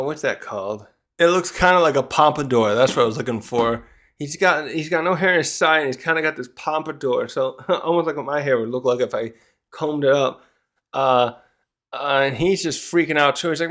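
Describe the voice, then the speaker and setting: A man's voice: on the high side, fairly bright tone. A man casually reviewing a comic chapter, rambling and searching for words with many fillers. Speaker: manga review youtuber. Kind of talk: casual chat.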